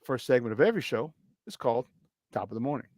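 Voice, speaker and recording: A man hosting a morning sports talk show in casual chat, animated and jokey, laughing often and tripping over his words. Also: mid-range voice, quick pace, background noise. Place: radio studio.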